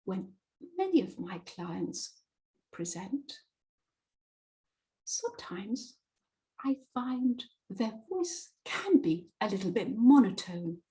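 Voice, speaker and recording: Slow, deliberate British woman coaching. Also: mid-range voice, big pitch swings, warm tone, low-quality recording. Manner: deliberate, with emphatic pauses and stressed words. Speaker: presentation skills coach. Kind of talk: webinar talk.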